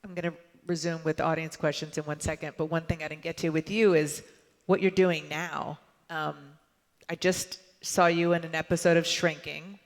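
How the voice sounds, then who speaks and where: A woman interviewing a guest on stage, asking brisk questions. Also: deep voice, steady tone. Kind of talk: onstage interview. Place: large event hall. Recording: long hall reverb.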